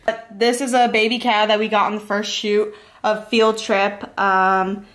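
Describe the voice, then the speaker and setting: A woman's voice: mid-range voice, little pitch movement, measured pace, fairly bright tone, reverberant. A woman in her twenties chatting casually through a tour of her apartment bedroom, candid and cursing freely. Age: 20s. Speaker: vlogger giving a room tour. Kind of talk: casual chat.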